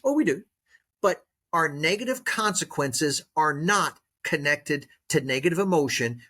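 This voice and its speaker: A man who trains dogs and writes books appears as a guest on a podcast interview, his voice a little high and a bit bright. His manner is coaching and teacherly, stressing and repeating key words like a coach.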